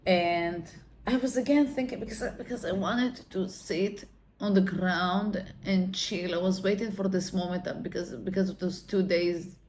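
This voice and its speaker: A woman's voice: fairly low pitch, a little mellow, a little hiss or hum. A woman vlogger telling a personal story in an emotional, candid way, swearing freely and restarting her sentences. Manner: talks with many fillers and restarts.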